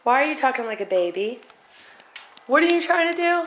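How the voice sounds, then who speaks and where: A woman's voice: high voice, big pitch swings, brisk, a bit bright, slight background noise. A mother at home, chatting with her small children and coaxing them with questions. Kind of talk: casual home video chat. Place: family home by a staircase.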